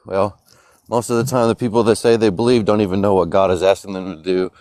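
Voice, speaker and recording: A man's voice: lowish voice, steady tone, fast talker, no echo. A man arguing his faith in a heated live-stream debate, insistent and preachy. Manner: insistent and preachy, rising to loud outbursts. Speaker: Christian caller in a debate.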